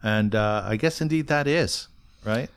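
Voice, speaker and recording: A man's voice: lowish voice, measured pace, clean tone. A man hosting a podcast, chatting casually and telling a story of his own. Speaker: podcast host. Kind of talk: casual conversational interview.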